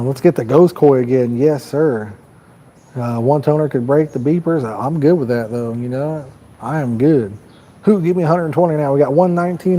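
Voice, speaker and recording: A man's voice: mid-range voice, warm tone, slight background noise, low-quality recording. A man hosting a fishing livestream outdoors by a pond, chatting loosely and rambling to his viewers. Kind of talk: casual live-stream chat.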